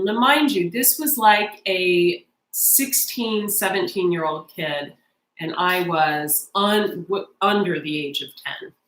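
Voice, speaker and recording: A woman's voice: on the low side, a bit bright, roomy sound, rough recording. A woman in her forties giving a casual tarot reading, chatty and emotional as she tells a personal story straight to her viewers. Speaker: tarot reader.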